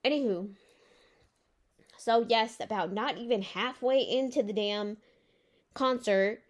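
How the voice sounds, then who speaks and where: A woman's voice: a little high, slow. A young woman vlogger telling a story in a casual rant, exasperated, swearing and filling her talk with "like". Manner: exasperated, swears and says "like" often.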